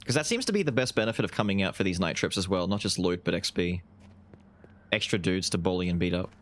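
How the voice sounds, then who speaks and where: A man's voice: sits low, quick pace, slight background noise. A man streaming a video game live, casually commentating, swearing and yelping as fights break out. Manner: excitable, swears, yelps during fights.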